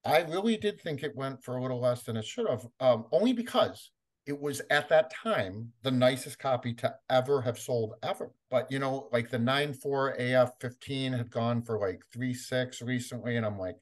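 Animated middle-aged man telling a story. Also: medium pitch, normal speed. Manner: acts out quoted voices, laughs often. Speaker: interview guest, comic collector.

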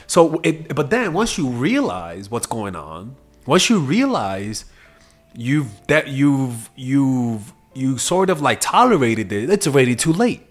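Blunt, swearing man with a lively voice. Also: medium pitch, slow pace. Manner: blunt, profane storytelling with lively swings. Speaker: dating coach. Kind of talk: casual advice talk.

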